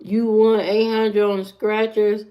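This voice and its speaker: A woman's voice: medium pitch, flat delivery, slow pace. A woman hosting a casual livestream, giving blunt, opinionated dating advice to her viewers. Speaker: livestream host. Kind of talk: casual live chat reacting to viewers. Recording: muffled lo-fi livestream audio.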